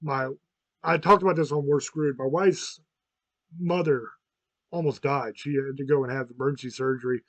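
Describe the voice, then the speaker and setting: A man's voice: mid-range voice, fairly even intonation, normal speed, no room sound. A man in his fifties hosting a podcast, talking in a frank, rambling and profane way, often restarting his sentences. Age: 50s. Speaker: podcast host. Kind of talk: casual chat.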